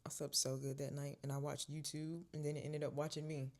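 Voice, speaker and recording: Here a young woman vlogger tells her own story briskly in a low-pitched voice. Her delivery is casual and expressive, dipping into hushed whispers and rising into loud bursts.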